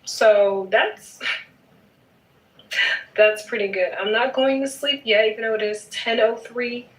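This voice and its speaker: A woman's voice: fairly high pitch, fairly even intonation, a little slow, reverberant, distant mic, poor audio. A woman chatting casually in a knitting vlog, playful and emphatic, often adding a teasing "okay?". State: sleepy at night. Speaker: knitting vlogger.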